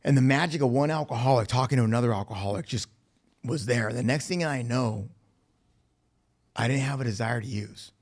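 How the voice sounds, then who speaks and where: A man's voice: medium pitch, fairly quick. A man telling his recovery story at a meeting, speaking candidly with swearing and acting out quoted dialogue. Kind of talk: personal testimony. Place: recovery facility meeting room.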